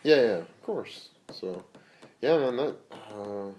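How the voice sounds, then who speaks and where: A man's voice: on the low side, expressive, slow pace, a little mellow, a little hiss or hum. A man co-hosting a podcast, talking in a laid-back way and telling stories with animation. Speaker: podcast co-host. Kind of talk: casual chat.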